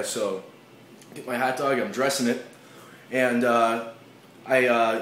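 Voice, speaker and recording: A man's voice: mid-range voice, fairly even intonation, moderate pace, a bit bright. Profane, rambling young man. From Chicago. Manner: rambling, profane, lots of fillers. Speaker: vlogger. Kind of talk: casual rant vlog. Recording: echoey room, faint hum.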